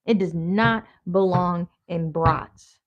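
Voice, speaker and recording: A woman's voice: fairly low pitch, slow pace. A woman from Wisconsin telling a story in a casual, chatty, blunt way as a vlogger. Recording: dull lo-fi audio.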